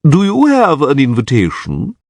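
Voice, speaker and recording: A man's voice: mid-range voice, wildly swooping pitch, normal speed, a little mellow, no echo, voice pushed up. Man doing a pompous portly chamberlain. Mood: indignant. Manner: pompous, indignant.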